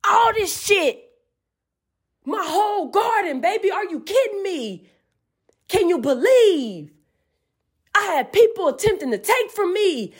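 Woman host, high voice, fiery preachy rant full of swearing. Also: very animated, a little slow, long pauses. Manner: profane, fiery, preachy and emphatic. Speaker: podcast host. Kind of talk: emphatic spiritual rant.

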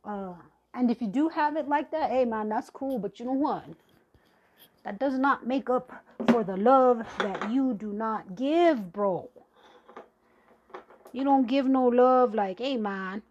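A woman's voice: on the high side, slow, a little mellow, highs cut off. A woman hosting a podcast, ranting angrily and profanely in a confrontational personal monologue. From Native American. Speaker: podcast host.

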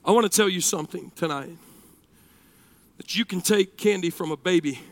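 A man, preaching a sermon that swings between shouted passages and hushed storytelling. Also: sits high, moderate pace.

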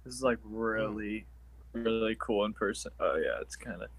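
A man talks casually over a video call from his tablet. He is easygoing and a little hesitant, and fills his pauses with ums. The sound is dry and close, with no room echo. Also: on the low side.

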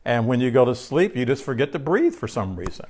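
A man's voice: medium pitch, big pitch swings, fairly quick, darkish tone, breathy edge. Guy preaching a sermon, talks like a conversation, keeps asking the crowd stuff and repeating himself. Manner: conversational, asks the congregation questions and repeats key phrases. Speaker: pastor.

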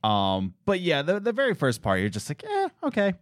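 A young man co-hosts a movie podcast, his pitch bouncing up and down as he talks. He rambles loosely and corrects himself mid-sentence. The sound is dry and close, with no room around him. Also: very animated, a little fast, fairly bright tone, dry recording. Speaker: podcast co-host. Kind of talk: casual podcast chat.

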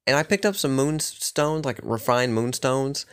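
A man's voice: mid-range voice, animated, a little slow, clean tone. A man casually recapping his playthrough of a fantasy game, rambling and swearing with lots of filler words. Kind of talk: casual chat.

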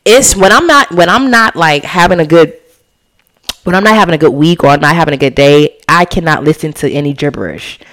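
A woman hosting a casual solo podcast, animated and chatty, slipping into slang and cussing. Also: low-pitched, fairly quick. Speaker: podcast host.

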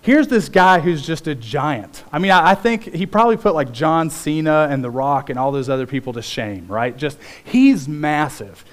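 A man preaching a sermon as pastor, telling stories in an animated way with big swings in pitch. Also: moderate pace, few pauses.

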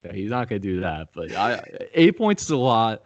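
A man with a low voice talks through his football picks in loose, rambling sentences, full of restarts. When challenged he turns heated and profane. The recording is dry and a little muffled. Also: very animated, brisk, dry recording. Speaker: podcast host making game picks. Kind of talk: casual sports chat.

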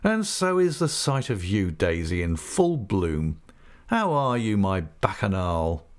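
A man reading an audiobook, voicing a jovial, careless young gentleman who talks in a hearty, mocking way. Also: lowish voice, very animated, takes it slowly. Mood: jovial teasing. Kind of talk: audiobook character voice.

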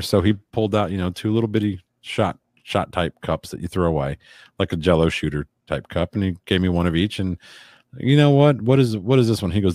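A man's voice: low-pitched, fairly quick, a little mellow, no room sound, clean studio sound. A man in a casual podcast chat, telling rambling stories with crude jokes. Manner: rambling, crude joking storyteller.

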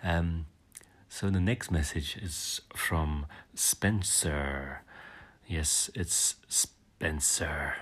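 Low-voiced hesitant male podcast host. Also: extremely slow, a bit bright, slightly rough. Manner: hesitant, full of ums and uhs. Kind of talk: casual chat reading listener messages.

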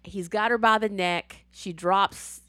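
A woman in casual chat, excitedly recapping a TV episode, swearing freely and acting out the scenes. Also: mid-range voice, slow, no echo.

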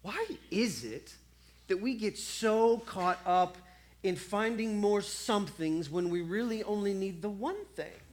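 Male preacher, theatrical sermon delivery, sharp loud-to-quiet swings, repeats phrases and plays out short dialogues. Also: high-pitched, measured pace. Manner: dramatic, swings between loud outbursts and hushed lines; acts out little dialogues and repeats phrases for effect.

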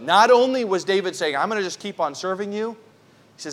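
A pastor preaching an earnest, conversational Bible-teaching sermon at a church prayer service, stressing points by repeating them. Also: male voice, high-pitched, fairly quick, a bit bright.

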